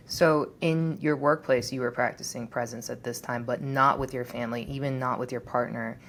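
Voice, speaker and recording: A woman's voice: rumbling low, fairly even intonation, moderate pace. A woman hosting a podcast interview, reflecting on and repeating her guest's words. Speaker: podcast host.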